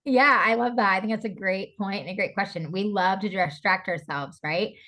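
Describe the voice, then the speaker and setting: A woman's voice: mid-range voice, moderate pace, pushed and bright. A woman being interviewed on a podcast, talking openly and from the heart, with lots of "like" and "you know" along the way. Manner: open and heartfelt, with frequent fillers like "like" and "you know". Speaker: podcast guest, stylist and breathwork coach. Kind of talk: candid conversational interview.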